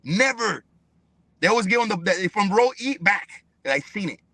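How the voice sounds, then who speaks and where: A man's voice: high-pitched, expressive, normal speed, bright, forceful tone, dry recording. A man, a professional fighter guest on a podcast, talking heatedly in a blunt, profane, emphatic way. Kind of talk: heated interview talk.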